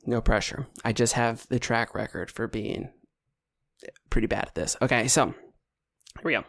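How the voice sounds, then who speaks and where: A man hosting a casual podcast and running a tabletop game, playful and chatty and quick to laugh. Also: medium pitch, steady tone, gravelly, fairly bright tone. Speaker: podcast host and game master. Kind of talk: casual chat.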